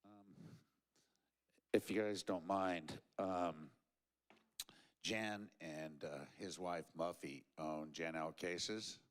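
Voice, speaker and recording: A man making a halting, informal announcement at a memorial event. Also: low-pitched, fairly even intonation. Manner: halting, with many fillers. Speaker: event emcee.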